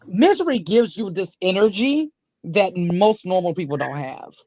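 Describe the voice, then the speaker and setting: A woman co-host in relaxed stream talk, often chiming in with quick agreements. Her voice comes through dull and lo-fi, with no room sound at all. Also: on the low side, no echo. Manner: agreeable, chimes in with short affirmations. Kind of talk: casual livestream chat.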